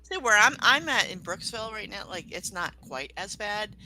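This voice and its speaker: A woman's voice: medium pitch, expressive, moderate pace, bright, forceful tone, rough recording. A woman from Connecticut chatting casually as a co-host, agreeing often and laughing lightly. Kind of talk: casual chat.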